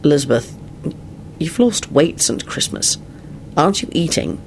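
Reader voicing a gentle male wizard, quiet, soft, gravelly edge, calm. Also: mid-range voice, normal speed, slight background noise.

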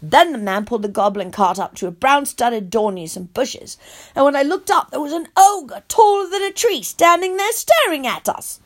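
A woman reading a first-person storybook aloud as its storyteller, in an animated, childlike narrator voice. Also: high-pitched, normal speed.

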